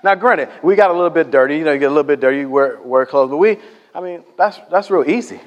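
A man preaching in a church, his fairly high voice carried by a long hall echo. He tells stories in a loose, conversational way and acts out the people he quotes. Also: fast talker, lo-fi sound. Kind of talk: sermon. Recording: echoey hall reverb.

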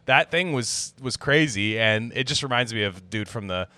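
A man's voice: mid-range voice, animated, sharp tone. A young man co-hosting a casual podcast, rambling and swearing, often breaking into mocking impressions of people. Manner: rambling, profane, quick to slip into mocking impressions. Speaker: podcast co-host.

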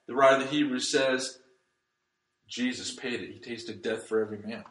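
A pastor preaching a sermon, swinging between loud emphasis and hushed, soft passages. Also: male voice, mid-range voice, moderate pace, reverberant, low-quality recording.

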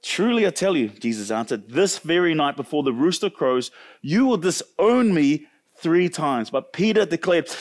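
A man preaching a sermon, animated and conversational, acting out the people he quotes and often restarting his words. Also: brisk. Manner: animated, acts out quoted voices with big pitch jumps; many restarts and repeated words. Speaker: pastor.

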